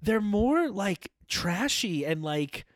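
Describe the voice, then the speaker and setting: A man's voice: sits high, very animated, slow, no echo, clean studio sound. A young man from southern California in casual chat, rambling and full of "like" and restarts. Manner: rambling, filler-heavy, many restarts with "like".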